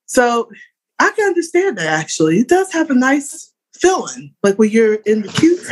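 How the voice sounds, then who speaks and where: A woman's voice: fairly high pitch, sing-song, moderate pace, background noise. A chatty woman on a casual panel, thinking aloud as she gives her opinion. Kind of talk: casual group chat.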